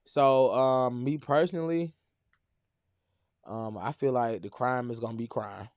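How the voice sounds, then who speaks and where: A man's voice: medium pitch, a little slow, darkish tone, dry recording, clean studio sound. A man co-hosting a podcast in loose, joking casual chat, reading out sponsor plugs. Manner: loose and joking, breaks into shrieks and laughs. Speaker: podcast co-host.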